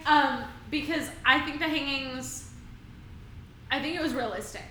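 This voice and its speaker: High bright-voiced woman with hiccups. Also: a little slow, roomy sound, a little hiss or hum, low-quality recording. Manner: animated, reads out her notes, laughs often. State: has the hiccups. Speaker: podcast co-host. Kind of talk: casual book discussion.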